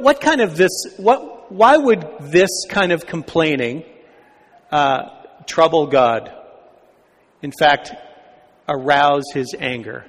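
Pastor guy preaching, chatty, slightly high voice, big echoey church. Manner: conversational, asks the congregation questions. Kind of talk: sermon.

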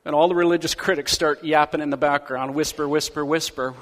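A man preaching a sermon, retelling stories with lively paraphrased dialogue. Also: on the high side, brisk, few pauses, long reverb tail. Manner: animated storytelling, acting out quoted figures in paraphrase. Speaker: pastor.

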